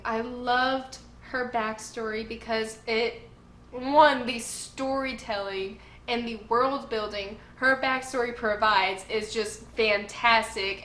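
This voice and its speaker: Young female reviewer, crisp bright tone, casual and effusive, echoey room. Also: fairly high pitch. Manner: gushing, emotional fan. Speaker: anime review host. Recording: roomy echo, faint noise.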